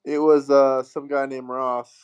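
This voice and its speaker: A man's voice: medium pitch, level tone, a little slow, lo-fi sound, a crowd in the background. A man hosting a casual livestream, reading out viewer comments and thanking them in an upbeat way. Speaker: livestream host.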